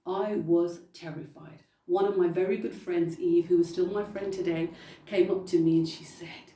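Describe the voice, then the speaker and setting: A woman's voice: on the low side, fairly even intonation, normal speed, mellow, a little hiss or hum. A woman preaching a testimony sermon, telling her story with emphatic repetition. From United Kingdom. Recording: roomy echo, distant mic.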